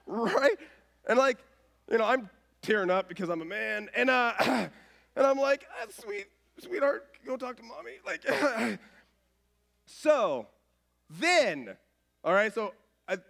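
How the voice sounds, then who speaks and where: Animated high-voiced male pastor. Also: creaky. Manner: animated, self-mocking, drops to soft voice for quotes. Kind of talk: casual sermon storytelling. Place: church stage.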